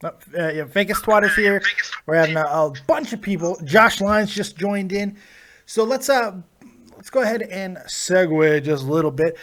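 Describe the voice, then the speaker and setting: A man hosting a casual live call-in show, excitable and often slipping into a sung, joking delivery. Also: high voice, moderate pace, slight background noise. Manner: excitable, sings and laughs between words. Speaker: host. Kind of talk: casual live-stream chat. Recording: music playing in the background.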